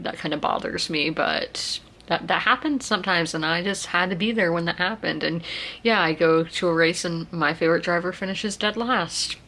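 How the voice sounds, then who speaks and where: A woman's voice: sits low, gravelly, fairly bright tone. A woman, chatting casually in a rambling vlog. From South Carolina. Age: 20s. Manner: rambling, chatty, many fillers and restarts. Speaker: vlogger.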